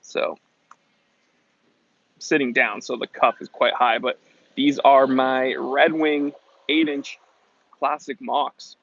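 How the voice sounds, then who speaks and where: A man's voice: mid-range voice, steady tone, slow pace, creaky, long pauses, a bit bright. A man hosts a casual outdoor livestream, chatting easily and greeting his viewers one by one as he reads their comments aloud. His voice comes through dull and lo-fi. It sounds dry, with no room echo. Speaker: livestream host. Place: outdoors in the shade.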